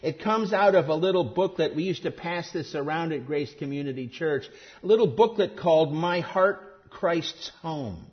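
A man preaching a sermon emphatically, rising to stress key words and then dropping low and quiet. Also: moderate pace, muffled recording.

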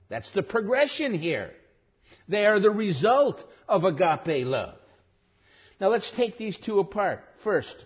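A male pastor preaching a sermon, with a husky, high voice that swings widely in pitch. He repeats key phrases for emphasis. The recording sounds dull and lo-fi.

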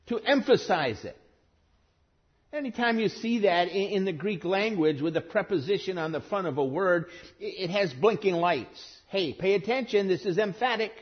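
Husky, animated preacher man. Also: high voice, highs cut off. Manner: emphatic, repeats key phrases. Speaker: pastor. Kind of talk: sermon.

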